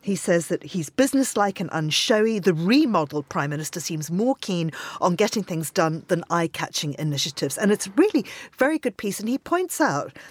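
A woman's voice: fairly low pitch, expressive, a little fast, few pauses, husky, no echo. A woman hosting a radio newspaper review, chatty and teasing, with lots of fillers. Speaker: host. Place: radio studio.

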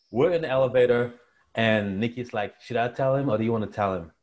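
A man's voice: medium pitch, moderate pace. A young man telling his story as a guest in an interview, acting out the voices of the people he quotes. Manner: animated storyteller, acts out quotes.

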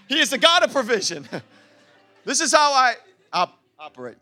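High, bright-voiced energetic male pastor. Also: unhurried, long pauses, faint music behind. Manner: energetic, laughing, acts out quoted voices. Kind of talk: sermon. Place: church.

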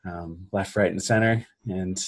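A man, a songwriter, reflecting in an interview in a halting, soft-spoken way from his home garage. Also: low-pitched, steady tone, slightly rough. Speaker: songwriter guest.

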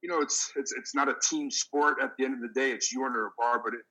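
A middle-aged man, a veteran powerlifter hosting a casual chat, telling stories in a profane, animated way. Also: medium pitch, quick pace, poor audio. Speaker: podcast host, veteran powerlifter.

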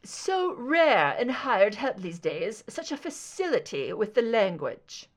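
A woman reading the lines of a smarmy, manipulative wealthy man in an audiobook of a story, with a slow, condescending drawl. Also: fairly high pitch, sing-song, exaggerated voice. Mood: smug.

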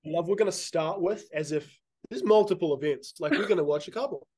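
A man who is a guest in a relaxed podcast chat, his voice sitting a little higher than most men's. He teases and stresses his points with casual swearing. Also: a little fast, no room sound, clean studio sound. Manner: teasing, emphatic, swears casually.

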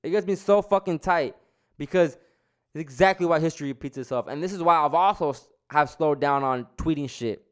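A young man vlogger rants heatedly in a casual monologue, swearing a lot and repeatedly restarting his sentences. His voice is a little high, brisk and clear, with a resonant tone.

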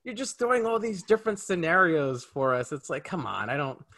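Guy on a movie review podcast, bouncy animated pitch, kinda fired up and emphatic. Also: brisk. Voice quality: married. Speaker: film review podcast co-host. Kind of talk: casual film review chat.

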